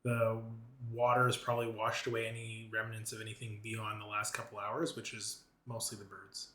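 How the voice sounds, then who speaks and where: A man narrating a tabletop game as game master, measured and descriptive. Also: lowish voice, flat delivery, bright, forceful tone. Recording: roomy echo.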